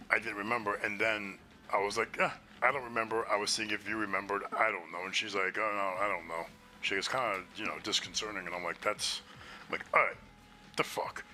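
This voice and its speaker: A man's voice: fairly low pitch, sharp tone, a little hiss or hum. A man casually telling a story on a stream, profane and exasperated, acting out both sides of the conversation. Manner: profane, exasperated retelling with quoted dialogue.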